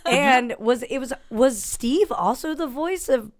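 A woman's voice: sits high, a little slow, dry recording, clean studio sound. A woman co-hosting a casual chat, playful and self-mocking.

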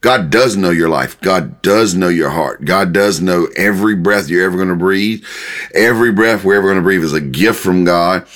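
A male pastor, preaching a sermon with animated delivery and sudden jumps in pitch when voicing God. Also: normal speed. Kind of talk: podcast sermon teaching.

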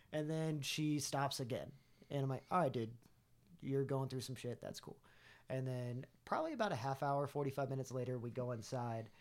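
A man's voice: mid-range voice, darkish tone. A man, a guest on a podcast, casually telling a long story with frequent restarts. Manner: rambling, with repeated restarts.

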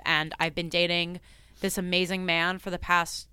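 A young woman talking casually as a podcast guest, earnest and animated, laughing often. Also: lowish voice, moderate pace, clear, resonant tone, no echo. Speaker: podcast guest, psychic medium. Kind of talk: casual chat.

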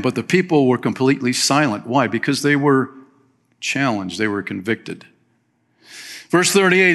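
Man preaching a lively sermon. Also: mid-range voice, normal speed, gravelly, pauses often. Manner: reads scripture aloud and comments with lively emphasis; folksy, uses fillers and plain phrases. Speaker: pastor.

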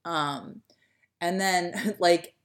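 A young woman co-hosting a casual podcast chat, rambling with lots of fillers and trailing off softly. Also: on the low side, extremely slow. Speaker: podcast co-host.

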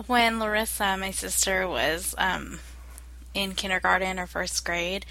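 A young adult woman in casual chat, talking slowly and hesitantly with many fillers. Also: mid-range voice, steady tone, gravelly, bright, forceful tone, low-quality recording. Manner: slow, hesitant, lots of fillers.

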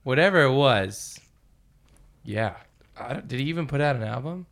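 A man with a gravelly, fry-edged voice at a middle pitch, co-hosting a relaxed podcast. He trades short reactions and then tells his own offhand story. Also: moderate pace. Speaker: podcast co-host. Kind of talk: casual chat.

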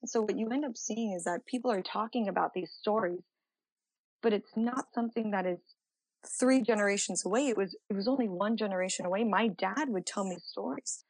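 A young woman answering interview questions thoughtfully, pausing often with fillers. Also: medium pitch, breathy edge, no echo, rough recording. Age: young adult. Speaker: guest.

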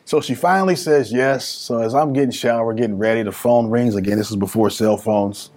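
Middle-aged guy from california, husky voice, tells a story, acts out the family bits. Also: mid-range voice, fairly quick, a little mellow. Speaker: guest, small business speaker. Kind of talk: storytelling in a casual interview.

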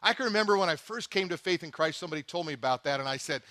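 Middle-aged male pastor, high and bright, animated sermon delivery. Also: rapid-fire, few pauses. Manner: animated preacher, shifts between quiet intimate asides and emphatic bursts.

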